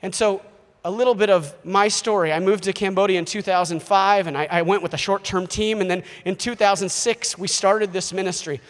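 A man in his thirties, a missionary preaching a sermon in an animated way, acting out voices. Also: high-pitched, brisk, few pauses, in a large hall. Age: 30s. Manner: animated, acts out quoted voices.

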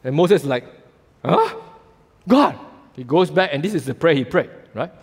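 A man's voice: fairly high pitch, fast talker, darkish tone, husky. A man preaching a sermon, telling the story animatedly with casual fillers and acting out voices. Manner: casual local fillers like "lah" and "ah". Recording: reverberant hall.

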